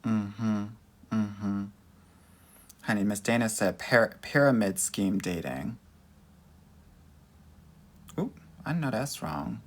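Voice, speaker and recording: Here the dating coach, a man from the United States, has a lower voice with lively intonation, a slow pace, and frequent pauses. In his live Q&A he reads comments with sass and flamboyance, calling his audience honey and girl.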